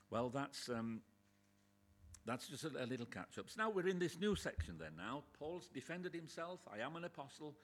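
A man preaching a sermon in a church, chatty with joking asides, bursting into loud emphatic quotes. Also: medium pitch, sing-song, normal speed, slight background noise. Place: church with a pulpit, indoors.

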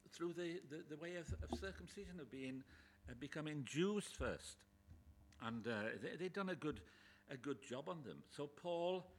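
Lively preacher, emphatic. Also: male voice, fairly high pitch, husky. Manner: chatty, joking asides, bursts into loud emphatic scripture quotes. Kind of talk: sermon. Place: church with a pulpit, indoors.

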